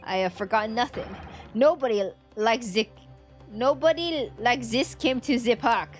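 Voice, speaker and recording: A gruff gang boss, curt and dismissive, as a woman puts him on in a lower, slower register. Faint music plays behind him. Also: close to an everyday voice.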